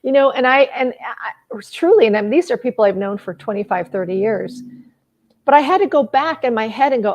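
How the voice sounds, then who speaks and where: A woman's voice: fairly high pitch, fairly quick. A middle-aged woman relationship coach speaking casually to an audience. She often restarts and repeats words, and she acts out quoted conversations in other voices. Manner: acts out quoted dialogue with lively shifts in voice.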